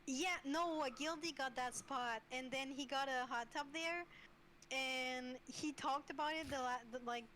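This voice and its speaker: A woman streamer chats about her game in a high, light voice. She talks hesitantly, with lots of uhs and giggles. A faint hiss sits under her voice. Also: a little slow, sharp tone. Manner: giggly, hesitant, many fillers. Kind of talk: casual gaming chat.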